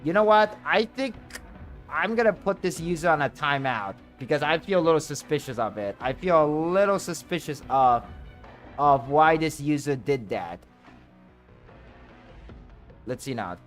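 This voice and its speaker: A young man streaming a game, chatting casually with viewers and exclaiming excitedly over his luck. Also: on the high side, normal speed, pauses often, soft background music. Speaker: VTuber streamer. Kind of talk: casual livestream chat while playing.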